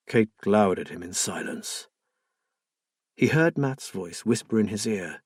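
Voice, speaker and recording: A man narrating an audiobook mystery in a measured, expressive storytelling manner. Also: lowish voice, breathy edge, no room sound, studio quality.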